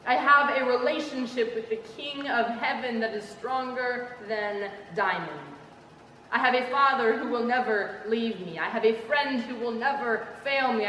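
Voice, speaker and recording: A woman's voice: a little high, sharp tone, a little hiss or hum. A teenage girl performing a spoken word poem in a school hall with a rhythmic, emphatic cadence. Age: teens. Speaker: student poet. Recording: echoey hall from far off.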